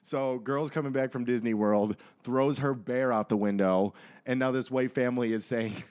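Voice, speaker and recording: A man's voice: medium pitch, steady tone, normal speed, a little mellow, clear, resonant tone. A man co-hosting a casual podcast, reading out news stories with sarcastic, crude jokes. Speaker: podcast co-host.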